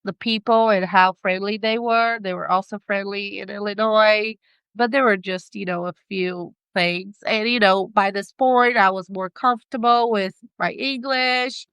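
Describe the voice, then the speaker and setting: Smooth and fairly bright, this middle-aged woman's mid-range voice moves at a measured pace with fairly even intonation, in a dry recording. She's a podcast guest speaking English with a non-native accent, chatting casually in an interview and laughing often while she hunts for words.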